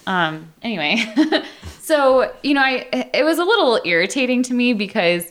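A woman's voice: fairly high pitch, very animated, normal speed, a bit bright. A woman co-hosting a podcast, telling a hiking story in casual chat and laughing often. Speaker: podcast co-host.

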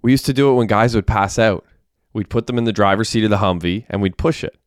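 Eager, scheming young ex-soldier, voiced by a male reader, low and clear. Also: quick pace, no echo, studio quality, lightly acted.

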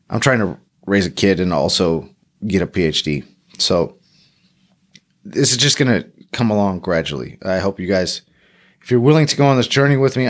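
A man with a fairly low voice hosts a solo podcast, talking off the cuff. He rambles, leans on fillers and restarts, and pokes fun at himself as he goes. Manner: rambling, casual, filler-heavy, self-deprecating. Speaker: podcast host.

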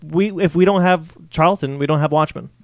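A man's voice: fairly high pitch, fairly quick, gravelly. A man hosting a casual comic-book podcast, steering topics and reading news items aloud. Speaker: podcast host.

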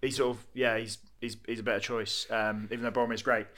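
A man's voice: medium pitch, flat delivery, fast, a bit bright. A young man rambling through a casual, jokey film chat with lots of fillers.

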